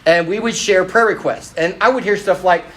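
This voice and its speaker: Talking straight to his congregation, this middle-aged pastor tells stories in a casual, self-deprecating sermon. His voice sits high and bright, forceful and a little fast. The sound is roomy and the recording rough.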